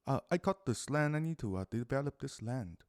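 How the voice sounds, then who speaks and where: A man voicing a middle-aged immigrant father who fumbles through halting speech full of hesitations before bossing his son around. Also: mid-range voice, expressive, darkish tone, dry recording, clean studio sound, close to an everyday voice. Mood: fumbling. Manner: halting, full of uhs and ums.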